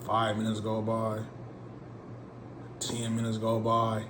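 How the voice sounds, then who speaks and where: A man from Portland telling a comic story in an animated, slangy way. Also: on the low side, a little slow, pauses often, a little hiss or hum. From Portland, USA. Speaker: comedic storyteller. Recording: roomy with faint ambience.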